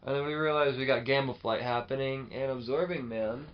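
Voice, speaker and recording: A man co-hosting a podcast, chatting casually and animatedly about comics, swearing freely and acting out lines in quick bursts. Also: mid-range voice, highs cut off. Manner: animated, swears often, acts out quotes. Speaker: podcast co-host. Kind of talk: casual chat.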